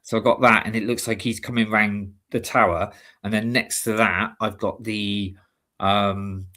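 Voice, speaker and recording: A man's voice: fairly low pitch, level tone, measured pace, pushed and bright. A man from Britain co-hosting a livestream, chatting casually and rambling with lots of fillers. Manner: rambling, hesitant with many fillers. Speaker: livestream co-host. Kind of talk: casual chat.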